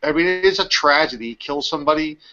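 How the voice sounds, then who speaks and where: A man from Florida ranting in a casual panel chat, animated and slangy. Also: a little high, fast, a crowd in the background. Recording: dull lo-fi stream audio.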